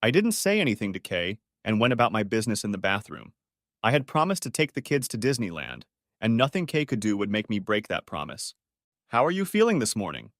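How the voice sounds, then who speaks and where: Man telling a first-person story, bitter and tight-lipped, lively ups and downs. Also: lowish voice, fairly quick, no echo, clean studio sound. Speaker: narrator.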